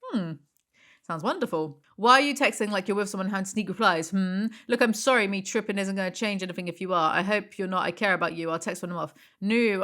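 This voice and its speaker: A woman in her thirties reading Reddit posts and text messages aloud, sarcastic, deadpan and swearing freely. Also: mid-range voice. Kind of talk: casual reaction commentary.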